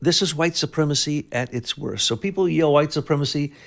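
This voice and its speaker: A man's voice: a little high, a little fast, gravelly. Emphatic man on a political talk show. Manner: emphatic, sweeping claims with many restarts. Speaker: co-host.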